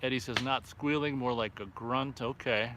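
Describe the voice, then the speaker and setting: A man's voice: medium pitch, fairly even intonation, moderate pace, background noise. A man hosting a casual live stream outdoors by a fire at night, reading viewer comments aloud and reacting offhandedly. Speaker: livestream host reading chat.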